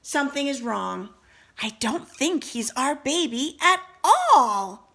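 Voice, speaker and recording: A woman's voice: sits high, sing-song, slow pace, fairly bright tone, voice pushed up, heavily acted. A woman doing a worried mother bird. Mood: puzzled.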